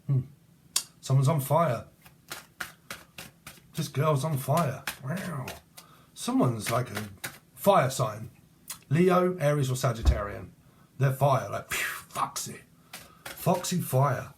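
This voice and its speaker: A middle-aged British man talks through a tarot reading in an unscripted, meandering way. He swears freely and keeps breaking off into jokey tangents, with a voice of ordinary, mid-range pitch. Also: expressive, slow pace, long pauses, a little hiss or hum. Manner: rambling, crude, laughing asides. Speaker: tarot reader. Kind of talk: casual tarot reading monologue.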